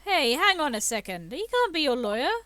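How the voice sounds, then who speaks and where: A woman voicing an excitable, loud young woman who is a spirit medium, in a game read-through. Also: high voice, fairly quick, slight background noise, exaggerated voice. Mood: indignant. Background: game music.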